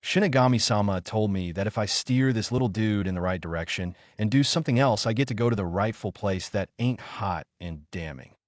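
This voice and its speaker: A man's voice: lowish voice, brisk, few pauses, dry recording, clean studio sound, natural voice. A man voicing a cocky male ghost who talks in a crude, flippant way. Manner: flippant, slangy.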